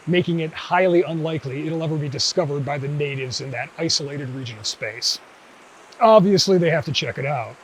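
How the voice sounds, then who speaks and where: A man, the host of a video essay channel, narrating a scripted commentary in a measured, dryly wry way. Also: fairly high pitch, slight background noise, rough recording.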